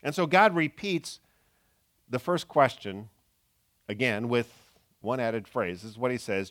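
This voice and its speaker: A man preaching a sermon in an earnest way, moving between loud emphasis and soft, low asides. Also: expressive, a little slow, long pauses. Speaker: pastor.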